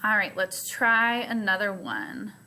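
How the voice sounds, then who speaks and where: A woman teacher records a phonics lesson for her students at home. She talks slowly and patiently, breaking each step down. Her voice is bright and clear. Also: mid-range voice, expressive. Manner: slow, patient, explains step by step.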